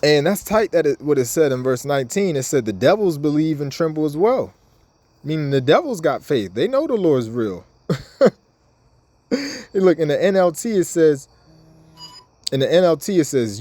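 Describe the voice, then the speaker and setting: A man leads an informal scripture lesson in a warm, mellow voice at a middling pitch. He talks loosely and repeats himself, stopping to read verses aloud. The sound is dry and close, with no room around it. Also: lively intonation, moderate pace, pauses often, dry recording. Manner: casual, repetitive, restarts often, reads verses aloud. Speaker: bible teacher.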